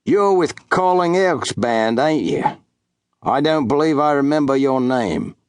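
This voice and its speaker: Sly English fur captain, one-eyed and treacherous, lively sly lilt, narrator puts him on. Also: male voice, mid-range voice, measured pace, smooth, no room sound, close to an everyday voice. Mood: smooth. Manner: quiet, commanding, sly.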